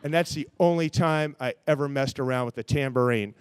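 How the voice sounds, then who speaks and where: A man telling a true-life story on stage in a rambling, animated way, full of fillers. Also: mid-range voice, a little fast, noisy background.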